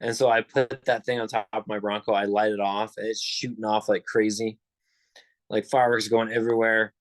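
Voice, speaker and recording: A young man with a lowish voice spins a long, meandering story on a casual podcast. He leans on filler words and restarts his sentences. The sound is dry and close. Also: little pitch movement, brisk, dry recording. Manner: rambling, full of "like" and restarts. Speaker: podcast co-host.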